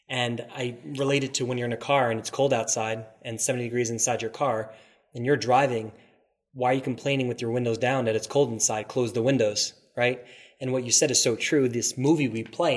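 A man hosting a casual podcast, speaking with a lot of enthusiasm and sometimes stumbling over his words. His voice sits in an ordinary middle pitch. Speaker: podcast host. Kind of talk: casual interview chat.

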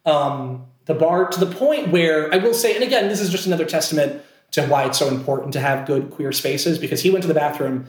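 A man, an actor, telling a personal story in casual chat, animated and self-deprecating, full of fillers and restarts. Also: a little high, a little fast, hardly any pauses, echoey room. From Scranton, Pennsylvania, USA.

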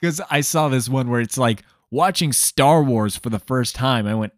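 Male review host, mid pitch, sarcastic storyteller, dry close mic. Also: moderate pace, few pauses, dry recording. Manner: sardonic, exasperated asides.

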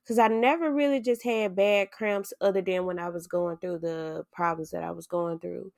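A woman hosting a podcast, telling a personal story in casual chat, animated, acting out what people said and swearing freely. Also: mid-range voice, unhurried, gravelly, few pauses, dry recording, clean studio sound.

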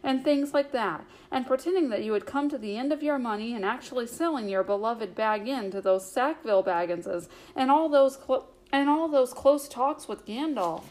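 A woman reading the lines of a lively, cheeky young male hobbit in an audiobook, eager and teasing. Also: a little high, moderate pace, few pauses, natural voice.

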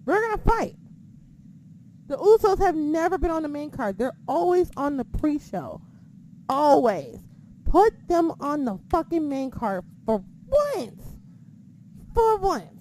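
Woman, casual podcast rant, high voice, swings up and down a lot, blunt, swears constantly. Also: very animated, slow, long pauses, a little mellow, a little hiss or hum. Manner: profane, blunt, ranting. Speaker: podcast co-host. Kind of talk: casual wrestling podcast chat.

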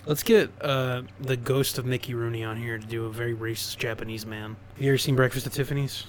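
A man's voice: medium pitch, fairly even intonation, brisk, slight background noise. A man co-hosting a podcast, making joking, crude interjections in casual chat. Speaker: podcast co-host.

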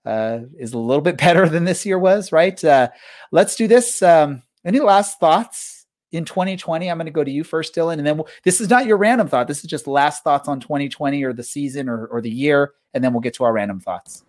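A man's voice: fairly high pitch, lively intonation, fairly quick, darkish tone. A man hosting a soccer podcast in casual chat, rambling with many fillers and restarts. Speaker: podcast host.

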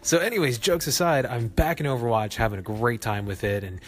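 A man hosting a casual solo gaming podcast, chatty and self-mocking, often jumping up in pitch to stress a point. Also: a little fast. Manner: chatty, self-mocking, laughs at his own jokes; animated, jumps up in pitch for emphasis. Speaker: podcast host.

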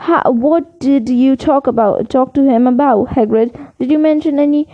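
A woman's voice: sits high, moderate pace, no room sound, natural voice. A woman reading the lines of an anxious, insistent teenage boy wizard, on a dull lo-fi recording. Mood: urgent.

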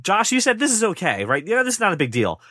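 A man hosting a podcast in casual chat, joking and talking in quick, animated bursts. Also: high-pitched, no echo, clean studio sound. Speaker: podcast host.

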